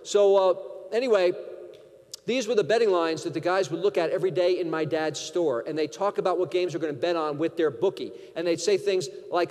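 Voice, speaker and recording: A man from Connecticut giving a keynote speech, telling a lively anecdote and acting out the dialogue. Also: sits high, fairly quick. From Connecticut, USA. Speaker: keynote speaker. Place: large conference hall. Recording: long hall reverb.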